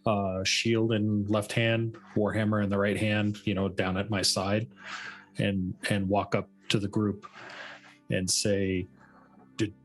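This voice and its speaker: A male player describes each move in a halting, deliberate way. He speaks very slowly in a lowish voice, with faint music behind him. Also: level tone. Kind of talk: describing character actions.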